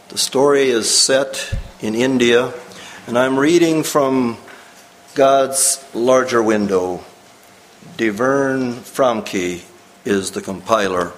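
A male preacher giving a sermon, slow and deliberate with pauses. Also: medium pitch, slight background noise, low-quality recording. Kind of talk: sermon with story reading.

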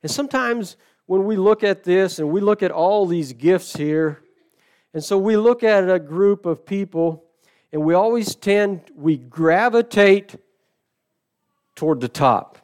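A middle-aged man preaching a sermon, telling a story with sudden shifts between loud and soft and slow, stressed phrases. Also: high-pitched, smooth. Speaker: pastor.

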